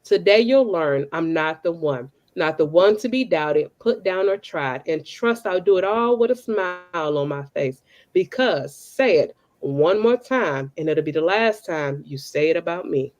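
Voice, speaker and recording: A woman's voice: fairly low pitch, measured pace, highs cut off. A woman from Chicago performing spoken word poetry with a rhythmic, emphatic delivery, then chatting casually. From Southside of Chicago. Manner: relaxed, casual talk with fillers when chatting. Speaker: poet.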